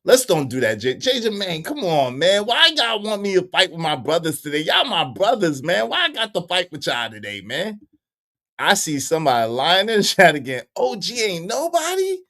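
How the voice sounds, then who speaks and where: A young man hosting a casual livestream, bantering with the chat in animated, repetitive bursts with frequent laughs. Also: a little high, normal speed. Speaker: livestream host.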